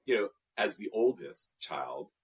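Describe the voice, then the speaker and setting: A man with a low, somewhat husky voice talks as an interview guest. He is earnest and reflective, pausing often with fillers as he searches for his words. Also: big pitch swings. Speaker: guest, emotional intelligence trainer. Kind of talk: interview conversation.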